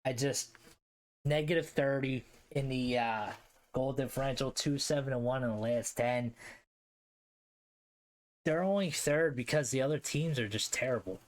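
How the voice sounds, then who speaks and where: A Philadelphia-area streamer with a typical mid-level male pitch ranks hockey league teams, talking at a moderate pace broken by long pauses. His commentary is relaxed and slangy, peppered with swearing and answers to his chat.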